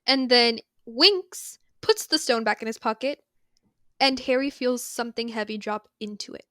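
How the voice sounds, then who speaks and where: A woman co-hosting a podcast, casually retelling a book's chapters with slangy asides and quick impressions. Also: fairly high pitch, a bit bright, no room sound, studio quality. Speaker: podcast co-host. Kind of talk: casual book recap chat.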